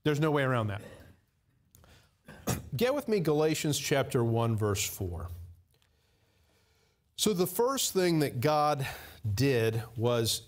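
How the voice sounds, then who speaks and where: A man preaching a sermon in church, emphatic and full of rhetorical questions, dropping to low asides and jumping up in pitch to stress key words. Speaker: pastor.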